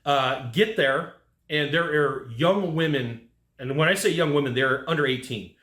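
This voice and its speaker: A man giving casual advice to HVAC technicians, telling lively work stories and acting out what people said. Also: fairly high pitch, a little slow, reverberant. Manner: animated storyteller who acts out quotes. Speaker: HVAC sales trainer.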